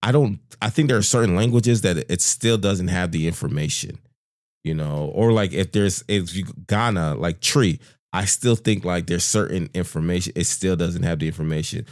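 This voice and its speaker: A man's voice: sits low, moderate pace, no echo, studio quality. A man as a podcast guest, talking in an easygoing, hesitant way with lots of restarts. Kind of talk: casual chat.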